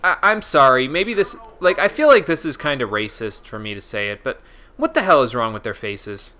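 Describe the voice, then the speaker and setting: A man's voice: medium pitch, big pitch swings, normal speed, pushed and bright, a little hiss or hum. A man streaming a video game, reading menu text aloud and chatting casually with his viewers. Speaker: gaming streamer. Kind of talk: casual let's-play commentary.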